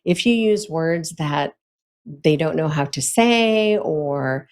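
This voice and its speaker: A woman with a notably low-pitched voice talks through practical tips in a relaxed, conversational way. She sounds like a friendly host, chatty and informal, often dropping little fillers and soft laughs as she goes. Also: takes it slowly. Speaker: host giving advice to authors. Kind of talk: casual instructional talk.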